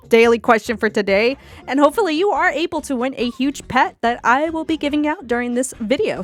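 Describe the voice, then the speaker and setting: A woman hosting a gaming video, chatting casually and reacting with lots of exclamations. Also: a little high. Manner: chatty, exclamatory, laughs easily. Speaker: gaming channel host.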